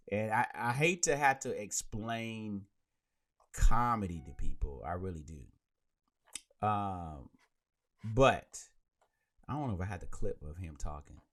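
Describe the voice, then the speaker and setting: Podcast host dude on a live stream, low voice that swings all over, talks into a handheld mic. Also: male voice. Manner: animated and rambling, with many restarts. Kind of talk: casual chat on a live stream.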